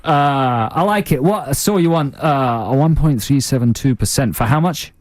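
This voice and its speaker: A man's voice: medium pitch, moderate pace, dry recording, voice pushed up, close to an everyday voice. A man voicing a stern middle-aged male tycoon investor who is blunt and cuts people off. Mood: bargaining. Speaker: radio host.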